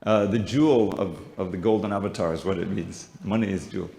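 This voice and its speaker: A man's voice: low voice, fairly quick, gravelly, warm tone. A man teaching a devotional seminar class in a conversational, joking manner with frequent restarts. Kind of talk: informal devotional lecture. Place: temple hall with audience. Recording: echoey lecture hall.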